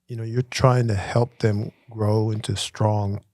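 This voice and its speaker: A middle-aged man speaks in a lowish voice, thinking aloud with pauses as he co-hosts a casual talk. The sound is dry and close, with no room echo. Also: flat delivery, a little mellow. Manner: thoughtful, halting, self-reflective. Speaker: podcast co-host. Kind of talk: casual conversation.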